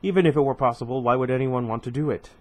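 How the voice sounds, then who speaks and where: A man voicing an oily, smoothly polite male alien politician who sounds skeptical. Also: mid-range voice, racing, close to an everyday voice.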